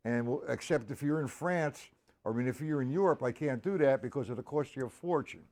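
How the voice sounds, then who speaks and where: A man's voice: medium pitch, brisk, darkish tone. A man teaching a live-streamed drum lesson in a casual way. He greets viewers by name and counts beats aloud. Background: drums and music.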